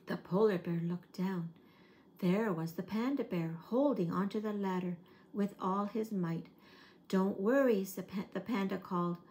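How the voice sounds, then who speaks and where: A woman working as an early-years storyteller, reading a picture book aloud in a gentle, expressive way. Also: mid-range voice, moderate pace.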